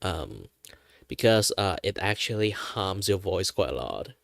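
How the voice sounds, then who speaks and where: A man's voice: sits low, big pitch swings, measured pace, creaky, dry recording. A young man chatting casually on a stream in a rambling way, with a dry throat. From Malaysia. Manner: rambling, with many fillers and restarts. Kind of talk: casual chat.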